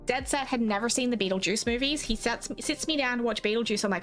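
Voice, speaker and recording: A woman's voice: fairly high pitch, lively intonation, fast talker, few pauses, fairly bright tone, soft background music. A young Australian woman streaming a game, chatting casually and rambling, swearing freely and quoting herself and others. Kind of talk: casual chat while gaming.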